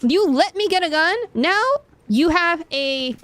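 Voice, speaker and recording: A woman's voice: very high-pitched, lively intonation, a little slow, a bit bright, a little hiss or hum. A woman streamer chatting casually while she plays a game, thinking aloud and mocking herself. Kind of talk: casual gaming stream chat.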